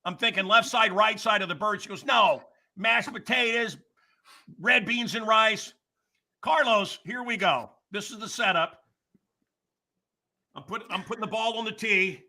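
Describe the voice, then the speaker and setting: A man's voice: sits high, moderate pace, sharp tone. A middle-aged man hosting a talk show, telling blunt, profane comic stories and setting up jokes for his guest. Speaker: radio and podcast host. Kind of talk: comedic ranting storytelling.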